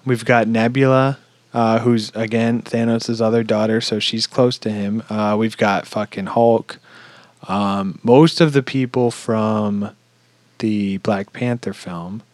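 A man co-hosting a casual podcast, retelling a film in an excitable, profane rush. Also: lowish voice, takes it slowly, dry recording. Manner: excitable, heavy swearing, lively storytelling. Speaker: podcast co-host. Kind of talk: casual movie review chat.

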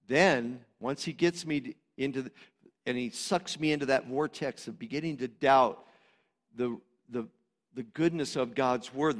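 A pastor preaching a sermon with passion, swinging between loud emphatic stretches and quieter explanation. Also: male voice, mid-range voice. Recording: long hall reverb.

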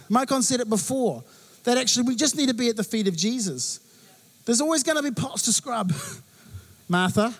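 High-voiced animated male pastor. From New Zealand. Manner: animated storytelling with acted-out quotes. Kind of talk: sermon.

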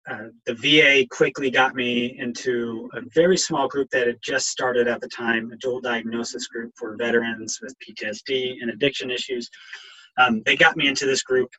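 Middle-aged male guest, husky and bright, halting and emotional personal storytelling. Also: mid-range voice, steady tone, highs cut off. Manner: halting, many ums, voice catching with emotion. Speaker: guest, counselor and veteran in recovery.

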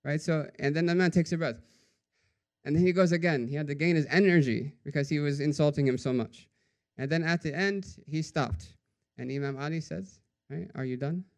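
A man giving a storytelling sermon in a conversational way, often adding "right?" and dropping to a hushed voice for quoted sayings. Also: fairly high pitch, moderate pace. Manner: conversational, says "right?" after nearly every phrase. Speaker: religious teacher.

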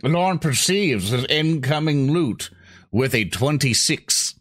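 A man's voice: a little high, animated, takes it slowly, fairly bright tone, no room sound, clean studio sound. A man playing a tabletop game, joking around and laughing often. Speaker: player.

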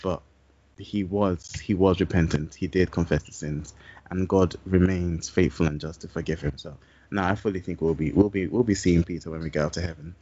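A man co-hosting a casual podcast, calmly explaining scripture in a measured, steady way. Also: low-pitched, slightly rough, muffled recording. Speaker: podcast co-host.

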